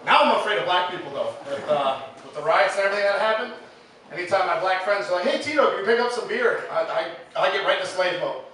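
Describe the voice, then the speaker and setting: Stand-up comic, man from Illinois, high voice, casual rambling delivery, taped far off in an echoey room. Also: lively intonation, bright, forceful tone, slight background noise. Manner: casual storytelling with many fillers and quick acted quotes. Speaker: stand-up comedian. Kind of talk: stand-up comedy set. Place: live comedy venue.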